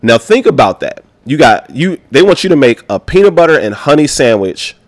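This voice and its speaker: A man's voice: mid-range voice, normal speed, dry recording. Slangy guy from baltimore telling a wild story, dry close sound, mid voice. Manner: animated, slangy, acts out other people's voices. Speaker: podcast guest. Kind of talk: casual storytelling.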